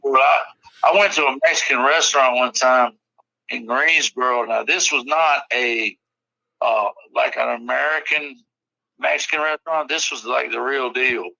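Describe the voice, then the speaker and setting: A man's voice: mid-range voice, fairly even intonation, moderate pace, gravelly, bright, forceful tone, no room sound, highs cut off. A man in a casual podcast chat, telling rambling stories full of swearing. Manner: profane, rambling storyteller. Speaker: podcast guest or co-host.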